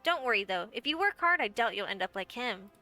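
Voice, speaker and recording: A woman's voice: a little high, very animated, brisk, sharp tone, soft background music. A woman voicing a brassy, folksy little guildmaster and innkeeper in a game, with a wry storytelling manner. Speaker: game character. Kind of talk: game voice acting.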